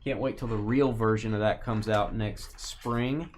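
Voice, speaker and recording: A man's voice: on the low side, fairly even intonation, a little hiss or hum. Joking man rattling off card-break lists. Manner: joking, rattles off names and teams in quick lists. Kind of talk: casual live-stream chat while opening cards.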